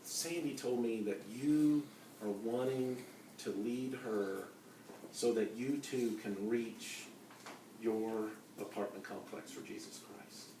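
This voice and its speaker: A man shares his testimony in a conference center hall, taking it slowly in a warm mid-range voice. His storytelling wanders, with many fillers and false starts. A far-off mic captures the echoey hall along with slight background noise.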